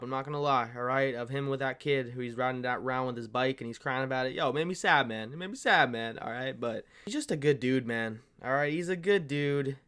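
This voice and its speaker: A man's voice: mid-range voice, fairly bright tone. A man hosting a fight-sports commentary channel, ranting casually in a profane, fired-up, rambling way and calling his viewers "bro". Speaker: MMA commentary channel host. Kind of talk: casual opinion rant.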